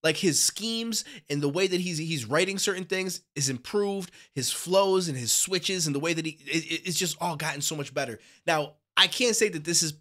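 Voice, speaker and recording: Man, stuffy nose, nasal, rambling casual commentary, higher voice. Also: moderate pace, hardly any pauses, pushed and bright. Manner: rambling, enthusiastic, many restarts. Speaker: music reaction host. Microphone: studio podcast microphone.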